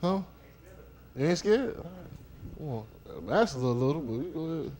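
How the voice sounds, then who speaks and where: A man from Miami leading a congregation, moving between prayer and lively, joking talk with loud exclamations, recorded in a synagogue hall during a livestream. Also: fairly high pitch, moderate pace. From Miami, Florida. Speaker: congregation leader. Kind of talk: casual sermon talk and prayer.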